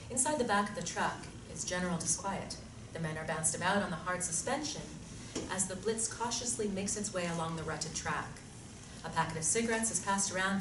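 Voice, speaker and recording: Woman narrating in a low voice. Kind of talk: scripted narration of a screenplay. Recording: echoey room from far off, noisy.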